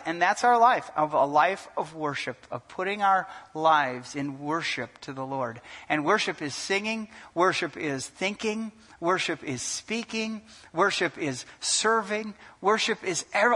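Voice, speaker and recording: A male pastor preaching a sermon in an animated way, asking the congregation questions and joking. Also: fairly high pitch. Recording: long hall reverb.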